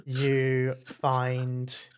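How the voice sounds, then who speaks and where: A man at a mid pitch narrates a tabletop game as its dungeon master. He fills his descriptions with small pauses and fillers and keeps an easy, unhurried pace. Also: slight background noise. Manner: descriptive, relaxed, many fillers.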